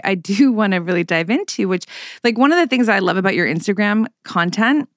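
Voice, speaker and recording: A woman's voice: medium pitch, no echo, clean studio sound. A woman hosting a casual podcast interview, enthusiastic and loose, full of fillers and casual swearing. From United States. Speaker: podcast host.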